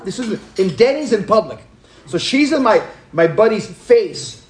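An older man giving a lively sermon as preacher and radio host, telling stories and acting out the voices in them. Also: high voice, measured pace. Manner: animated, acts out quoted voices. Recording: echoey room with faint noise.

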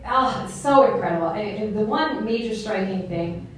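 Woman in her 40s, lively storyteller giving a talk, far from mic, very echoey room. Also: mid-range voice, moderate pace, a little hiss or hum. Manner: animated, laughing storyteller. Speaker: speaker. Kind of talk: talk to a live audience.

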